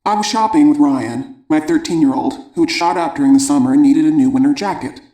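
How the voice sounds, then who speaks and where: A man with a fairly high but mellow voice reads an audiobook aloud. His delivery is measured and even, in the manner of scripted narration. The sound carries a roomy echo.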